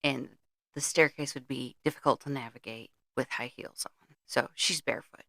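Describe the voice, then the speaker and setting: A middle-aged woman with a low, gravelly voice and a bright, sharp edge chats through a film's plot. She is blunt and swears freely. The sound is close and dry. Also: fairly even intonation, moderate pace, dry recording. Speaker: podcast co-host. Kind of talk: casual movie-review chat.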